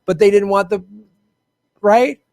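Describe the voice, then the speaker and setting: A man's voice: sits high, measured pace, no room sound, clean studio sound. A man hosting an online political commentary show, talking bluntly and sarcastically and swearing often. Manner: sarcastic and animated.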